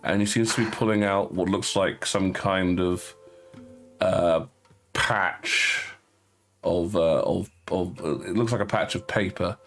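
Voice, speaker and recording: A man narrating as game master of a tabletop game, halting with fillers and restarts. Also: sits low, steady tone, a bit bright, faint music behind.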